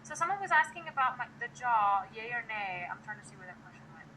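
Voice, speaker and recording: A woman runs a relaxed online singing lesson, chatting with viewers and breaking off to demonstrate sounds. Her voice sits a bit high and rings bright. A faint hiss sits under the recording. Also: quick pace, poor audio. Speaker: voice teacher. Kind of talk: live-streamed singing lesson.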